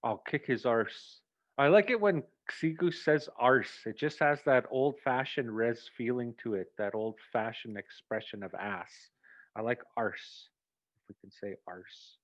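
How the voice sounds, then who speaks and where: Animated male theatre director on a lo-fi line. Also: mid-range voice, a little slow. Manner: animated, acts out lines, chuckles often. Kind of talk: giving rehearsal notes. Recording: dull, dry lo-fi sound.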